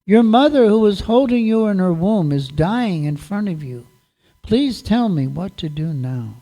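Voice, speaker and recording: A man voicing a gentle young woman who answers an older woman calmly and respectfully, in a devotional story told at a sermon. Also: high voice, measured pace, full character voice.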